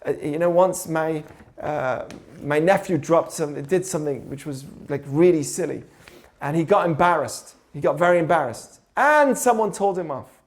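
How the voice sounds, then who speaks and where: A man's voice: on the high side, normal speed. A man giving an informal teaching talk on Jewish ethics, telling stories and asking rhetorical questions. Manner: conversational, asks rhetorical questions, tells stories.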